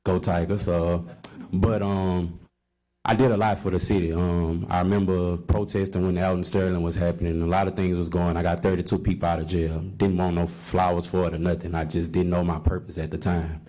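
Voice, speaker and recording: A man with a deep, mellow voice speaks at a city council podium. His testimony is heartfelt and halting, with frequent pauses as he searches for words. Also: level tone. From Baton Rouge, Louisiana. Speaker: community program participant and mentor. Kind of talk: personal testimony at a council meeting.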